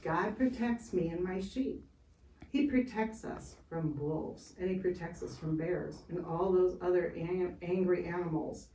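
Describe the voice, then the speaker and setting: A woman's voice: lowish voice, a little slow, mellow, lightly acted. A woman doing an earnest little shepherd boy. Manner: earnest, pleading. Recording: roomy, from far off, faint hiss.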